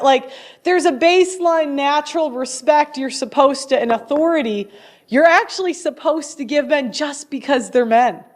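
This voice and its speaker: A young adult woman hosting her own show, giving blunt opinionated commentary in a casual way, often laughing and restarting her sentences. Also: sits high. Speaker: host.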